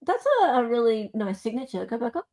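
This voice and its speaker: An Australian woman co-hosting a podcast, chatting casually with a teasing, quick-to-react manner. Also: a little high, expressive, dark tone. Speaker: podcast co-host. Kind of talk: casual chat.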